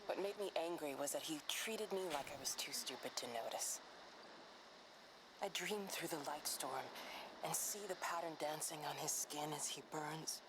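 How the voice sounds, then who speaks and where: A woman's voice: sits low, moderate pace, noisy background, lightly acted. An actress playing a bitter, determined female scientist in a video game, cold and half-whispered.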